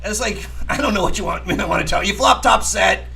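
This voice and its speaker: High, bright-voiced cursing poker host. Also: male voice, fast talker, gravelly, low-quality recording. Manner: profane, rambling, laughs often; emphatic, argumentative. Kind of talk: casual chat.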